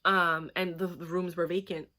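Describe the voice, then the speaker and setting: A woman's voice: on the low side, little pitch movement, moderate pace, pushed and bright. A woman in her thirties telling a personal story in a candid, rambling vlog, full of fillers and swearing. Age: 30s. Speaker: vlogger.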